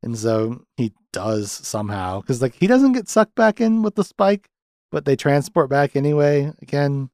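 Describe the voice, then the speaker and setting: Animated man recapping a movie. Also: moderate pace, dry recording, clean studio sound. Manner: animated, acts out characters' lines in high voices, laughs often. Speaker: podcast host. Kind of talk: casual film review chat.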